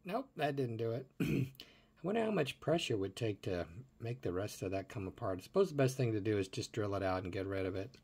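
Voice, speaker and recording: A man's voice: lowish voice, sing-song, fast, background noise. A middle-aged man casually showing toy cars from his collection, thinking aloud and asking viewers what they would do. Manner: chatty and musing aloud, asking viewers questions. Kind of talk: casual hands-on show-and-tell.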